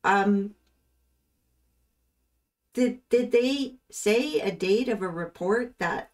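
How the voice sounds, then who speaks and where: A woman hosting her own channel, commenting in a slow, thoughtful and puzzled way on courtroom footage, with frequent pauses. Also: mid-range voice, animated. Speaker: host reacting to trial footage. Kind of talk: casual commentary.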